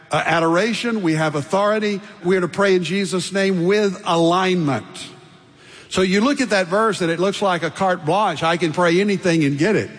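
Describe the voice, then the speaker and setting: An older man preaching with emphatic, rhythmic lists, his voice sitting a little high for a man. Long reverb trails off his words in a large church hall. He leans into stressed phrases and lets them ring out. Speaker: pastor. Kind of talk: sermon.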